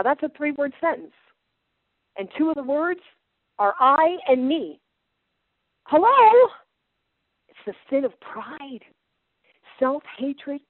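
A woman's voice: fairly high pitch, no echo. A middle-aged woman preaching a sermon to other women, emphatic and full of rhetorical questions, then dropping into folksy stories from her own life. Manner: emphatic, piles up rhetorical questions, drops to soft intensity; folksy personal storytelling. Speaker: women's Bible teacher. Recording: tinny phone-like dry recording.

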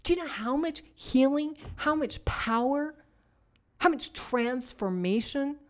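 A woman giving a conversational Christian teaching to women, energetic and emphatic, stacking repeated phrases and asking her listeners direct questions. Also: sits high, measured pace. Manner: energetic, repetitive, emphatic lists.

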